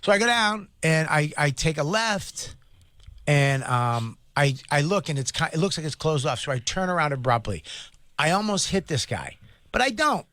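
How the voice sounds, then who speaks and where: A man, co-hosting a radio talk show, animated and profane, acting out other people as he tells a story. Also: fairly high pitch, normal speed, no room sound. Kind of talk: casual storytelling banter. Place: radio studio.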